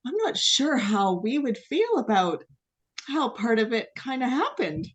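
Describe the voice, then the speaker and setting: A woman's voice: fairly high pitch, very animated, unhurried. A woman hosting a podcast roundtable, chatting casually and reacting briefly as she listens. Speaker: podcast host. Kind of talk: casual chat.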